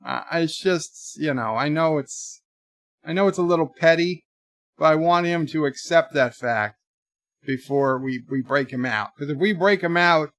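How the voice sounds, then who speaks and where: A man hosting a casual livestream, rambling through deadpan joke answers to viewer messages in a put-on mock accent. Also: fairly high pitch, normal speed, dry recording, clean studio sound. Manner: rambling, jokey deadpan nonsense. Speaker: livestream host.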